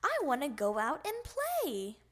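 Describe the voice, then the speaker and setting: A woman voicing an eager little boy frog in a storybook reading, shouting out his lines. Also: sits high, huge pitch swings, unhurried, full character voice. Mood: excited.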